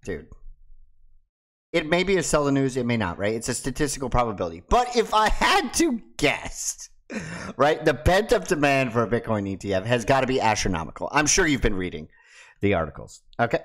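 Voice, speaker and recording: A man's voice: medium pitch, big pitch swings, brisk, a bit bright. A man hosting his own video, talking casually and ranting in a mocking way. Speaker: crypto video host. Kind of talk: casual monologue to camera.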